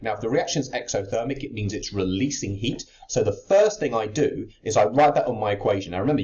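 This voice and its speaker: Man, chemistry teacher, step-by-step exam-prep lesson, fairly low voice, dull lo-fi audio. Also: darkish tone. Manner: explains step by step while writing, with fillers and restarts. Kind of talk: exam-prep lesson walking through a worked answer.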